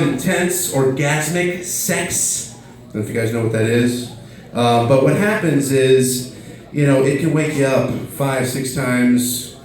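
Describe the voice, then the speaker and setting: A man's voice: medium pitch, darkish tone. A man in his thirties doing a rambling, self-deprecating stand-up comedy set full of fillers. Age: 30s. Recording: very echoey room, mic far off.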